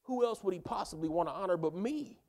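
A man's voice: high voice, animated, fast, darkish tone, pitched above the performer's own voice. A man voicing a vain, scheming royal minister who talks in self-important slang.

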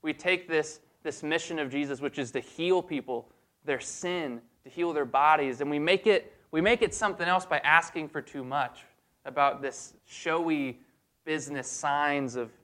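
A man preaching a sermon in a casual, humorous way, acting out quick bits of dialogue. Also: a little high, a bit bright. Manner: conversational and humorous, acts out voices of the disciples.

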